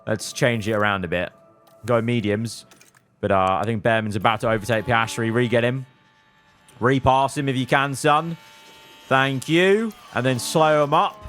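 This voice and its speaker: A young man giving live commentary over his own racing management gameplay. He talks to his drivers as he plays, swinging from low muttering to loud outbursts. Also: normal speed, soft background music. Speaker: gaming video creator.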